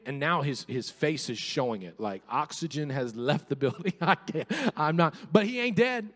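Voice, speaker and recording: A man preaching a sermon as pastor, animated and humorous, calling out to his congregation. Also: on the high side, moderate pace, hardly any pauses, big-room sound. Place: church sanctuary.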